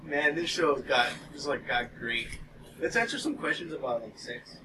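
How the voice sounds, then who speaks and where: A man's voice: medium pitch, moderate pace. A young man co-hosting a gaming podcast, giggly and easily sidetracked. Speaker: podcast co-host. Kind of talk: casual chat. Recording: distant mic with loud background noise.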